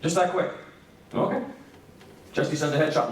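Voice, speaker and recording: A man speaking at a church breakout session in an earnest storytelling manner, turning quiet and grave for the hard parts. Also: a little high, moderate pace, long pauses. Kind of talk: earnest church seminar talk. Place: church hall. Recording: very echoey hall from far off.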